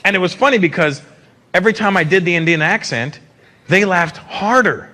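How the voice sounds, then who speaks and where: A man's voice: high voice, brisk. A man in his fifties from Canada, telling profane stand-up stories on a theater stage. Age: 50s. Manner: brash, profane storytelling. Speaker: stand-up comedian. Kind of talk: stand-up comedy set. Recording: live stage mic with loud crowd. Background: audience laughter and applause.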